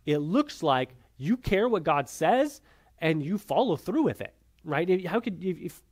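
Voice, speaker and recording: A man leads a church Bible class, his voice sitting a little higher than most. He talks conversationally and keeps checking in with "right?" as he goes. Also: very animated, a little slow, breathy edge.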